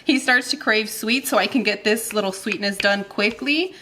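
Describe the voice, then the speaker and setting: Bright-voiced woman in her thirties hosting. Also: medium pitch, normal speed, slight background noise. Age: 30s. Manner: chatty and giggly, counts aloud while working. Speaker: cooking channel host. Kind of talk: casual cooking demonstration. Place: home kitchen.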